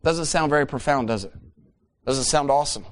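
Man preaching an animated sermon. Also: medium pitch, fairly quick. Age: 40s. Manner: animated storytelling, emphatic repetition. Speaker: pastor.

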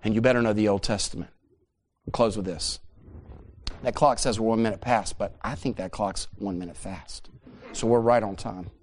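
Man, preacher, sermon, church, emphatic peaks, hushed asides. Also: lowish voice, steady tone, normal speed. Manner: swings from loud emphatic peaks to quiet asides.

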